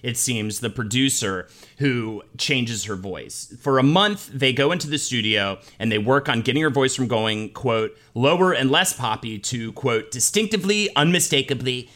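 A man's voice: medium pitch, measured pace, few pauses. A man co-hosting a podcast, telling pop history in a jokey, casual way. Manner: lively, jokey storyteller. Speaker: podcast co-host. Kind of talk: casual comedic chat.

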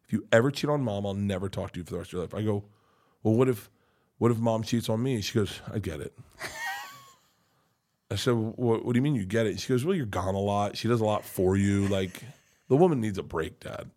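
A man's voice: fairly low pitch, fairly quick, darkish tone, slight background noise. Rambling, profane middle-aged man telling stories. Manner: rambling, profane, emotional, with frequent restarts and laughs. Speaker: podcast guest. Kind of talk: casual storytelling chat.

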